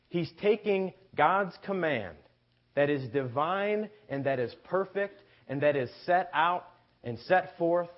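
A male preacher delivers a sermon at an unhurried, deliberate pace, pressing his points and putting rhetorical questions to the congregation. His voice sits at an ordinary middle pitch. The recording is dull and lo-fi. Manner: slow, emphatic, asks the congregation rhetorical questions.

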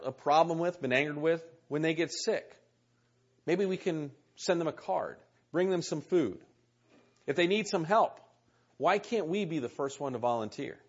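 An earnest male preacher with a husky, mid-pitched voice delivers a sermon and reads scripture aloud, often repeating his key words. The recording is muffled and lo-fi.

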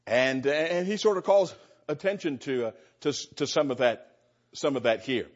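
A man's voice: mid-range voice, moderate pace. A middle-aged man preaching a conversational Bible-teaching sermon, chuckling often and restarting his phrases as he explains verses. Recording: dull lo-fi sound.

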